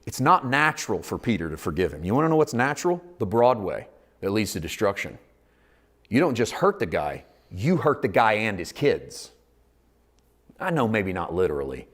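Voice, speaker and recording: A man preaching a sermon as pastor, dropping to hushed asides, rising to loud emphatic points, and acting out quoted voices. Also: on the low side, very animated, normal speed. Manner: acts out quoted voices in dialogue.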